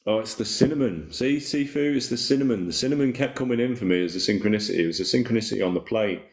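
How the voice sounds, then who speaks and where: Deep-voiced laid-back man streaming live. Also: fast. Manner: rambling, laid-back, reads chat comments aloud. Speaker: livestream host. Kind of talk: casual spiritual livestream chat. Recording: roomy echoey room.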